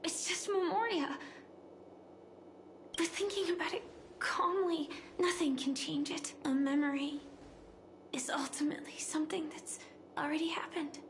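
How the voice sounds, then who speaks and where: An actress playing a gentle, composed young woman with a soft, earnest voice, recorded as game voice acting. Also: sits high, steady tone, unhurried, pauses often, slight background noise.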